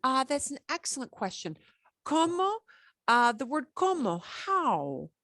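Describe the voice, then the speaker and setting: A woman teaching a beginner Spanish class, chatty and encouraging, slowing down to drill words. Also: high voice, big pitch swings, fairly bright tone, no room sound, studio quality.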